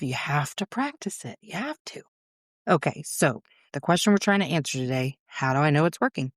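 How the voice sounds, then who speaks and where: A woman with a deep voice hosts a solo podcast, recorded at studio quality with no room sound. She talks casually and frankly, swears freely, and acts out her inner voice in little quoted asides.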